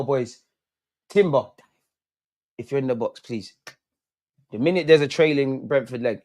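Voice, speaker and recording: A man's voice: medium pitch, darkish tone. A young man doing a live football watch-along, swearing, pleading with the players and throwing in lots of slang. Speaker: football fan streamer.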